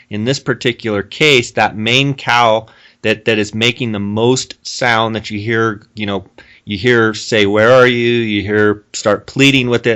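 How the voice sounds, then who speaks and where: Man, podcast host, bright tone, casual chat, frequent restarts. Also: mid-range voice. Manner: casual, restarts often, asks leading questions. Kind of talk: conversational podcast interview.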